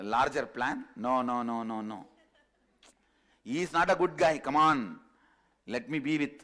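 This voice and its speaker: A man's voice: medium pitch, fairly bright tone, voice pushed down, natural voice. A man voicing a timid young lion cub who believes he is a sheep, pleading and anxious, in a told story.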